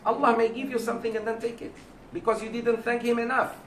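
A man teaching a religious class, speaking in a lively way and acting out the voices he quotes. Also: very high-pitched, fast, a little hiss or hum. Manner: animated, acts out quoted voices. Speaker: Islamic teacher. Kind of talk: lecture to a class. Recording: roomy, distant mic, faint background.

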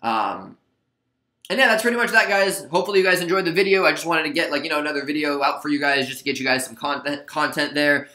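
A man hosting a casual trading recap, chatty and relaxed, with lots of fillers and asides. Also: a little high, fast talker, reverberant. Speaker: stock trading video host. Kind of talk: casual screen-share trade recap.

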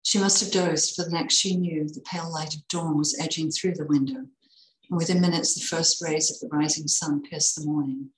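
Woman reading a holiday story aloud, low voice, echoey room. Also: steady tone, normal speed.

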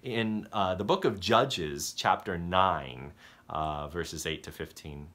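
A man preaching a conversational sermon as pastor, halting and restarting often, and acting out the voices of story characters. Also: low-pitched, a bit bright. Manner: halting, self-correcting delivery that acts out story characters.

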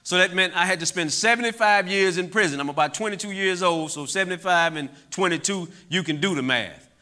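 A middle-aged man giving an impassioned testimony talk to a church audience, moving between loud outbursts and quiet, heavy moments. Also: high-pitched, brisk. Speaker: guest speaker. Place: church hall.

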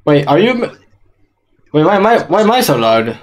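A man's voice: on the high side, very animated, moderate pace. A young man streaming a video game, chatting casually and laughing with a friend while fussing over audio levels. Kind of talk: casual gaming chat. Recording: game music playing under the voice. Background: game music.

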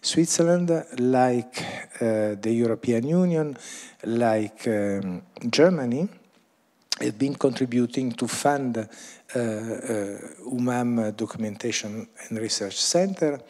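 A man's voice: mid-range voice, slow pace, a little mellow. A man moderating a film screening, giving hesitant introductory remarks full of fillers and small chuckling asides. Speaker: event moderator.

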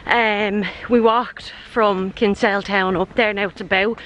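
A woman's voice: medium pitch, fairly even intonation, a little slow, fairly bright tone, slight background noise, low-quality recording. A young woman with an Irish accent chatting casually as a travel vlogger, rambling with lots of fillers. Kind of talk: casual vlog chat. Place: outdoors on walks and indoors in a hotel.

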